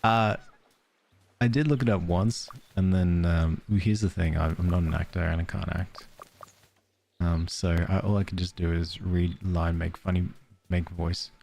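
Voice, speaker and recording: A man's voice: sits low, steady tone, unhurried, gravelly, darkish tone, a little hiss or hum. A man streaming a cozy game, chatting casually and giggling while reading game letters aloud. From Australia. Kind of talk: casual let's-play chat.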